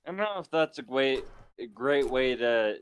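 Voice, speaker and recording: A man's voice: mid-range voice, lively intonation, normal speed, slight background noise. A man rambling loosely in a casual voice chat, drinking beer as he talks. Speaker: chat participant.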